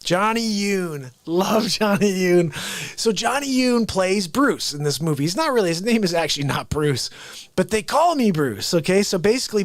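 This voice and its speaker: A man hosting a casual livestream, telling movie stories excitedly, laughing often and acting out lines. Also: high voice, dry recording. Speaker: livestream host.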